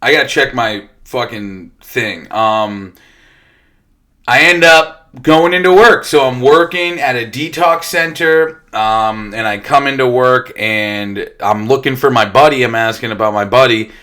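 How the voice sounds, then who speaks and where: A young man who works at a detox center shares his own recovery story, speaking casually and bluntly and swearing nonstop. His voice sits in the mid-range, with a measured pace and a sharp tone.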